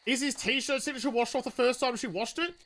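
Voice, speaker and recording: Young aussie guy streaming a game, bright sharp voice, chats and swears a lot, reads out chat. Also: very high-pitched, fairly quick. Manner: chatty, swears freely, reads out chat questions and answers them. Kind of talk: casual live-stream chat while gaming.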